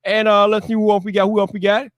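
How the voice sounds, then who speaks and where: A high-voiced man hosts a live stream in a casual, energetic way, calling out to his viewers and whooping now and then. His voice is close and dry, with no room sound around it. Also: fast talker, no echo. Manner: energetic, shouting greetings to viewers.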